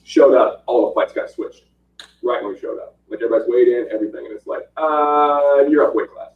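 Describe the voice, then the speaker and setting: This medium-pitched man talks fast, with slight background noise behind him, as he recounts fights in a relaxed chat. He performs the quotes, laughs a lot, and brings real animation to the telling. The podcast sound is muffled, distant and roomy.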